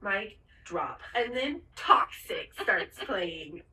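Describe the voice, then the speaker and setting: A woman co-hosting a podcast in casual chat, retelling a TV finale with lively acted-out lines and plenty of swearing. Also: medium pitch, drawn-out words, roomy sound, recorded from a distance, low-quality recording. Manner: animated retelling, acts out the characters' lines, swears freely. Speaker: podcast co-host.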